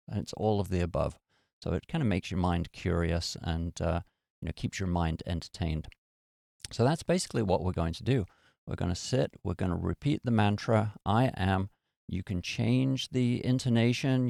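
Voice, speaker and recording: A man teaching a beginners' meditation class, explaining and then guiding the group in a relaxed, unhurried way with small fillers. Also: dry recording, clean studio sound. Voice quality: gravelly low voice.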